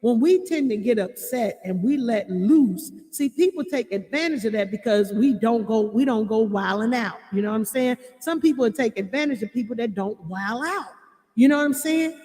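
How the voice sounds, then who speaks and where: A woman hosting a casual live-stream, talking back to her chat in a chatty, emotional way and often bursting into loud laughter. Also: a little high, normal speed, big-room sound. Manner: chatty, many fillers like "you know what I'm saying". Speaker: channel host reading live chat.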